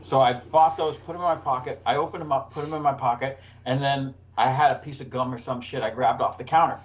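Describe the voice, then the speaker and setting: A man's voice: medium pitch, fairly even intonation, fast, highs cut off. A man telling a profane work story on a casual podcast, laughing through his own punchlines. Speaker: podcast co-host.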